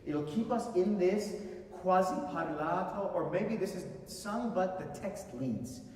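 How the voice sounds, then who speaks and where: A man conducting a master class, coaching a singer with animated remarks and sung demonstrations. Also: high-pitched, unhurried. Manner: animated, sings phrases to demonstrate. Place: concert hall. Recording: echoey hall, voice from far off.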